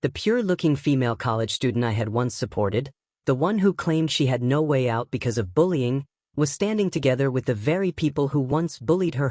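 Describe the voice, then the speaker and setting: A man reads a first-person tale in a steady, wry voice, pitched in the middle for a man. The sound is close and dry, with no room behind it. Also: no room sound. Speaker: narrator. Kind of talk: first-person story narration.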